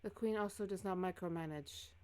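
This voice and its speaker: Woman doing a ship captain, stiff, formal, defensive, lowish voice. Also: brisk, warm tone, close to an everyday voice.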